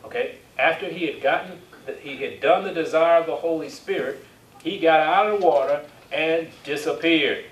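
A man with a higher voice, speaking at normal speed, gives a sermon with call-and-response, urging his congregation to say amen and reading scripture in King James wording. The sound is echoey and distant, from a church hall, with faint hiss.

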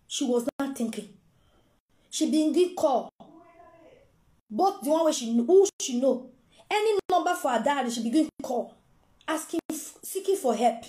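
A Nigerian woman tells a story with lots of drama, her voice high and bright in pitch but mellow in tone. She acts out the people in her tale. The sound bounces around an echoey room. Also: expressive, measured pace, pauses often. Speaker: storyteller host. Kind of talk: casual storytelling in pidgin.

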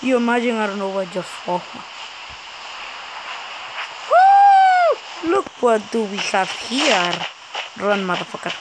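A woman gamer giving excitable let's play commentary, swearing, yelping and muttering at the game. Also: medium pitch, normal speed, heavy background noise.

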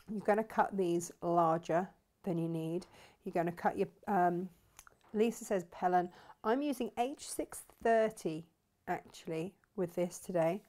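A craft shop host with a mid-range, dark-toned voice runs a live sewing demonstration. She chats enthusiastically and thinks aloud while she works.

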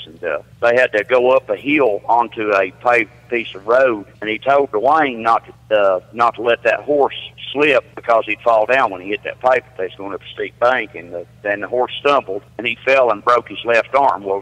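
A man's voice: lowish voice, a bit bright, poor audio. A middle-aged man with a Southern US accent, telling stories in a folksy, drawling way as a radio guest, repeating his words. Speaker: guest, trucker and singer. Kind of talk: casual storytelling.

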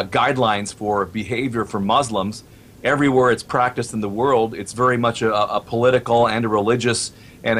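Measured male radio guest. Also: lowish voice, fairly bright tone. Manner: measured, deliberate. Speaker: radio station president. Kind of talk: talk show guest.

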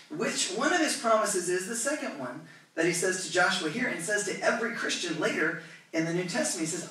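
Male pastor, bright and forceful, chatty lively preaching, recorded from a distance in a roomy church. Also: fairly high pitch, quick pace, a little hiss or hum. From California. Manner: lively, conversational preaching with asides to the congregation. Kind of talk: sermon. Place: church sanctuary. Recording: echoey church hall, voice from a distance.

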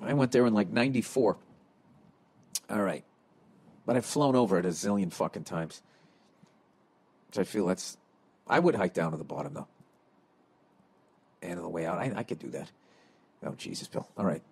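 A man's voice: deep voice, lively intonation, normal speed, gravelly, long pauses, darkish tone, husky. A middle-aged man, hosting a podcast and reading listener letters aloud with sarcastic, profane asides. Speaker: podcast host.

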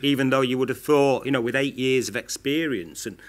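A Northern English man in his fifties speaks from a stage at a live Q&A, his Manchester vowels plain in every phrase. He talks in a candid, tumbling stream, piling up stories and leaning on "you know" as he goes. His voice sits at an everyday middle pitch. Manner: rapid, repeats 'you know' often, restarts. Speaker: former TV presenter, panel guest. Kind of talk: candid anecdotal talk at a live Q&A. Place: stage at a live film-institute Q&A event.

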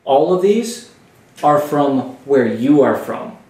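A man narrating as game master of a tabletop role-playing game, deliberate and thinking aloud. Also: medium pitch, lively intonation, a little mellow. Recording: roomy room, distant mic.

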